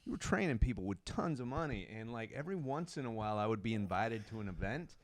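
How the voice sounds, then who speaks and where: A man co-hosting a comedy podcast, riffing confidently in animated casual chat. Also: lowish voice, fast talker, no echo. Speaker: podcast co-host.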